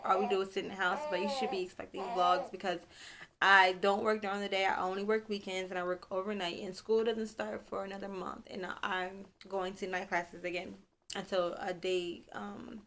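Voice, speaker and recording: A young woman talks straight to her camera in a loose, chatty vlog. She rambles, backtracks and apologizes as she goes. Her voice sits at an ordinary middle pitch, picked up by the camera's own mic. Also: level tone, moderate pace, a bit bright. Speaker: vlogger, new mother. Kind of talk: casual storytelling vlog.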